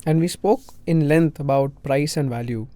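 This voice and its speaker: Mellow-voiced male host with probing questions. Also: on the high side, moderate pace, dry recording. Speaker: interview host.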